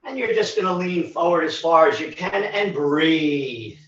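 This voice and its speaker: A man's voice: high voice, a little fast, vocal fry, a bit bright. A man leading a live virtual workout, counting down reps and cueing moves in an encouraging way while out of breath. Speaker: fitness instructor. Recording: echoey, distant, dull livestream audio.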